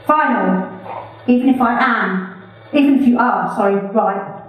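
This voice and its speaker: A woman's voice: fairly high pitch, unhurried, pauses often, muffled recording. A woman performing her own poems live, chatty and playful between them. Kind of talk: live spoken-word poetry reading. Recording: echoey room from far off.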